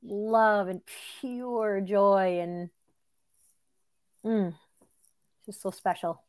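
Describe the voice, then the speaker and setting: A middle-aged woman hosting a podcast, telling a story in an animated, chatty way and laughing often. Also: medium pitch, drawn-out words. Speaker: podcast host. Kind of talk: casual conversation.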